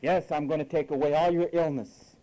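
A man's voice: a little high, fairly even intonation, fairly quick, mellow, low-quality recording. A man preaching a sermon, scolding and sarcastic, acting out quoted voices as he goes.

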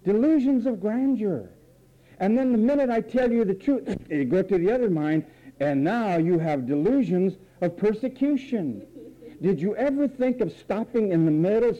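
High-voiced male preacher, theatrical sermon delivery, muffled lo-fi recording. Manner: theatrical, mocks voices and repeats phrases.

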